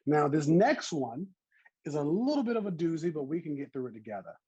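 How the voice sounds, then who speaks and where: A man's voice: a little high, big pitch swings, brisk, mellow, breathy edge, no room sound, highs cut off. A man in his thirties with a Southern US accent, teaching an online botany class in a chatty, encouraging way over a video call. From American South.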